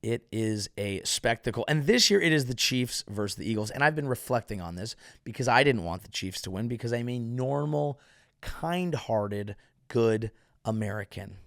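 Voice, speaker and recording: A man from California delivering a rambling, sarcastic comedic monologue as host, veering from mumbled asides to loud outbursts. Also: mid-range voice, lively intonation, moderate pace, vocal fry, no room sound, clean studio sound.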